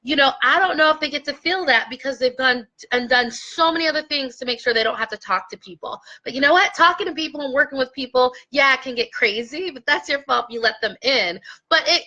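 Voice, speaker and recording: A woman real estate investor speaks straight to camera, coaching her viewers with earnest passion and sometimes coming close to tears. Her high voice sounds pushed and bright, though the audio is dull.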